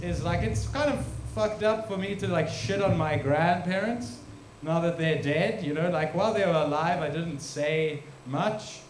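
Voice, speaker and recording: A man's voice: a little high, a little hiss or hum. A young man from South Africa doing a crude, rambling, self-deprecating stand-up set on a live stage into a handheld mic. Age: young adult. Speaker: stand-up comedian. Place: large room or hall, live stage. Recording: echoey hall.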